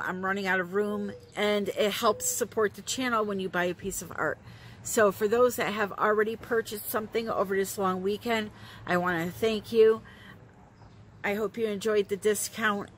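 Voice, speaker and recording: A woman with a light New England accent talks viewers through a resin art project. Her delivery is slow and unhurried, chatty and upbeat, and she laughs easily at herself. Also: mid-range voice, a little hiss or hum. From northeastern United States. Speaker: resin art channel host. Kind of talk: casual craft tutorial.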